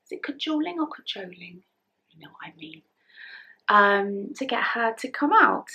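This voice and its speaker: In this casual knitting vlog, a middle-aged woman from England talks to the camera with a fairly high voice at a normal pace, and the audio sounds dull. Emotional and soft-spoken, she's nearly crying and keeps slipping into whispers.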